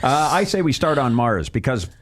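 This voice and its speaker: Male podcast host from Canada, middle pitch, very animated delivery, jokey and chatty. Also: moderate pace, very noisy. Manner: chatty, joking, animated storyteller. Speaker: radio morning show host. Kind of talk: casual podcast chat.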